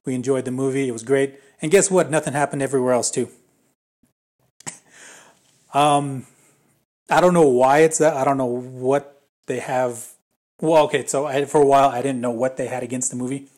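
A man's voice: medium pitch, steady tone, moderate pace, pauses often, darkish tone. Rambling young man talking casually. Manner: rambling, many fillers and restarts. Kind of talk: casual spoken movie opinion.

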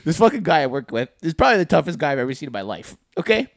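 A young man chatting casually on a podcast, telling work stories in an animated way and swearing freely. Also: fairly high pitch, very fast, creaky, dry recording, studio quality. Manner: animated storytelling, heavy swearing. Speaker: podcast co-host. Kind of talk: casual chat.

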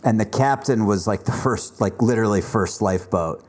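A man hosting a podcast, telling stories in casual chat with relaxed filler words. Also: on the low side, normal speed. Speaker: podcast host.

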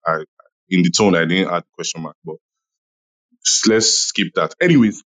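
A man's voice: low voice, normal speed, fairly bright tone, low-quality recording. A man in a casual online audio room discussion, chatty and laughing, with many "you know"s. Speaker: Clubhouse room speaker.

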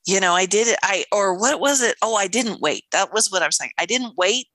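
Woman, middle-aged author, casual storytelling, animated, bright voice, dry close sound. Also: medium pitch, fairly quick, dry recording. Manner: animated, acts out other people's voices, laughs often.

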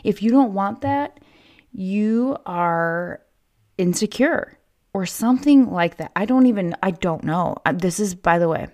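Speaking a little slowly in a medium-pitched, darkish voice with lively intonation, this podcast host vents in a casual solo monologue. Angry, profane and prone to asides, she records from a child's play tent in her home.

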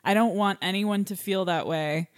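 A woman's voice: medium pitch, normal speed, no room sound, clean studio sound. A woman in a casual chat, giving brief supportive replies.

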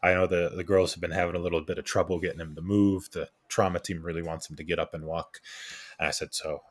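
Low-voiced man telling a story. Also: fast. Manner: animated anecdote-telling with quoted voices and restarts. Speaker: podcast co-host. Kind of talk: casual storytelling.

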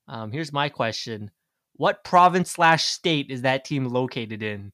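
A man's voice: medium pitch, expressive, moderate pace, pushed and bright. A young man hosting a casual podcast quiz, laid-back and a bit profane. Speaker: podcast host, quizmaster.

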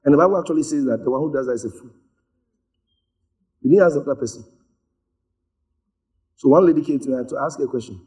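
A male preacher with a high voice delivers a sermon as lively storytelling, his pitch swinging up and down as he moves between plain teaching and acting out scenes. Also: fast talker, pauses often. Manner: animated storytelling, acts out voices.

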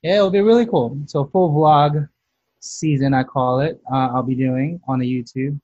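A man's voice: a little high, normal speed, darkish tone, dry recording, muffled recording. A man hosting a casual food podcast as a chef, chatty and self-mocking, restarting his sentences often. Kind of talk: casual chat.

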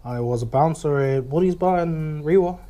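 Laid-back New man, mellow voice. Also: fairly high pitch, normal speed. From New Zealand. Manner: laid-back, rambling, many fillers. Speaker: guest. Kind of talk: casual chat.

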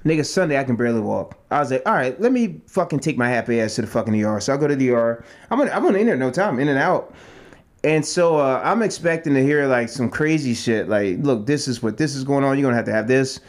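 A man's voice: medium pitch, lively intonation, fast talker. A man co-hosting a podcast who trains fighters, telling a story with lots of cursing and acted-out quotes. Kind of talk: casual storytelling chat.

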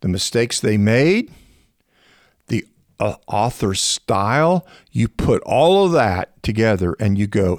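A man teaching in a conversational podcast style, animated and rising in pitch when he stresses a point, often restarting phrases and slowing down to explain. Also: no room sound, clean studio sound. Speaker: biblical scholar teaching on a podcast.

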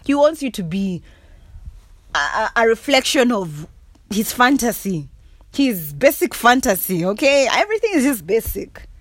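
A young Kenyan woman with a Kenyan accent vlogs casually to camera, laughing often and speaking bluntly, animatedly and emphatically, with plenty of swearing. Her voice is fairly high and unhurried, with no room sound.

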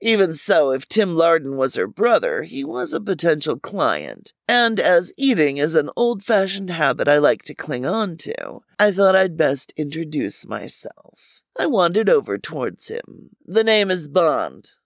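Man, wry deadpan crime-story narrator, lively pitch, dry close-mic sound. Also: a little slow, vocal fry, hardly any pauses, dry recording.

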